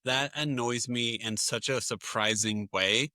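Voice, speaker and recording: A man's voice: medium pitch, a little slow, sharp tone, no room sound. A man in his thirties chatting casually on a podcast, telling family stories and acting out what everyone said. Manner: chatty storytelling that acts out family quotes. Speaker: podcast co-host or guest. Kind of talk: casual chat.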